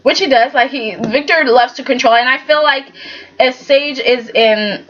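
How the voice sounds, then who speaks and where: A woman's voice: sits high, moderate pace, fairly bright tone, lo-fi sound. A woman giving a chatty, sassy recap of a soap opera and acting out the characters' lines. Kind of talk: casual recap commentary.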